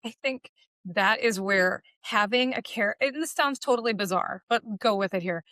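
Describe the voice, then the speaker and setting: A woman's voice: medium pitch, normal speed, bright, forceful tone, no echo, clean studio sound. A woman talking as a podcast guest in casual conversation, chatty and telling stories. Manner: chatty, storytelling, quotes people in voices. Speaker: podcast guest, automotive media personality.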